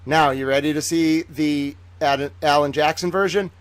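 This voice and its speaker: A man hosting a livestream, talking excitedly to his viewers in a theatrical way that swings between hushed asides and loud bursts. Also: fairly high pitch, moderate pace, clean tone, dry recording. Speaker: livestream host.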